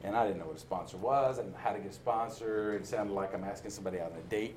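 A man's voice: on the low side, animated, racing, hardly any pauses, crowd noise. A man sharing his recovery story in a candid testimony, telling it with self-mocking humor and frequent laughter. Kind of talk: personal testimony talk.

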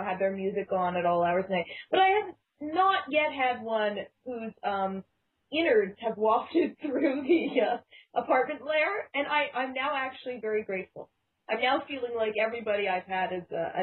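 A woman's voice: medium pitch, moderate pace. A woman co-hosting a casual chat, playful and wordy, laughing often. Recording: tinny phone-like sound.

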